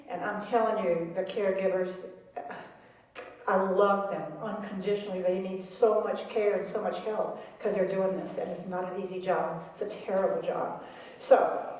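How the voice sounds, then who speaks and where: A middle-aged woman giving an animated storytelling talk to a live audience, prompting them to repeat after her. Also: mid-range voice, muffled recording. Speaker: speaker on caregiving. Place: large room with an audience. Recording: echoey hall recorded from far off.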